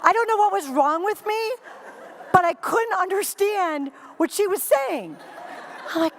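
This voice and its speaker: A high-voiced woman delivers a comedic keynote from a conference stage. She tells her story with animated energy. She acts out scenes and quotes for the audience in the hall. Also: normal speed. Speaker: keynote speaker.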